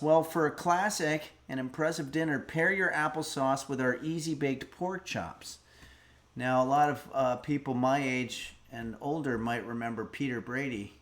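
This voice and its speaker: A middle-aged man chats casually on a livestream, thinking out loud and rambling from one thought to the next. His voice sits in an ordinary mid pitch for a man. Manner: rambling, musing aloud. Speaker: streamer host. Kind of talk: casual livestream chat, reading donations and a recipe.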